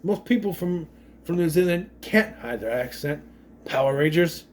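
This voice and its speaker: A man's voice: on the high side, lively intonation, normal speed. Man rambling through a movie recap. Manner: rambling, goes off on tangents; mimics characters' voices mid-story. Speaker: movie reviewer.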